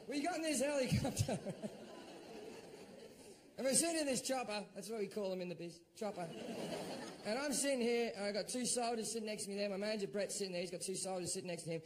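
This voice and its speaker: A middle-aged Australian man doing stand-up, telling a story in a profane, animated way and shouting out his own quoted lines. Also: high-pitched, background noise. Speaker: stand-up comedian.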